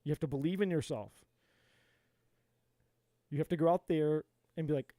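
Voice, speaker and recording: A man's voice: fairly high pitch, normal speed, long pauses, dark tone, dry recording. A man giving a live-stream tarot reading in an emphatic, repetitive, motivational way. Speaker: tarot reader.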